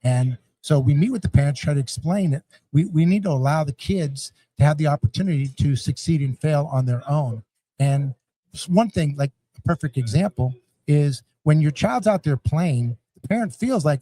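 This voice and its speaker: Casting: middle-aged man with a slightly high, mellow voice, lively podcast guest who acts out anecdotes. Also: normal speed, dry recording. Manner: animated storyteller, acts out yelling parents and scats rhythms. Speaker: youth sports league founder, guest. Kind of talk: conversational podcast interview.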